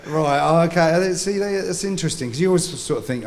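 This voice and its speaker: A man hosting a live podcast interview, asking questions and answering his guest with quick remarks. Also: a little high, a little hiss or hum. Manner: friendly interviewer, quick back-channel replies. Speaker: podcast host. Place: live venue before an audience.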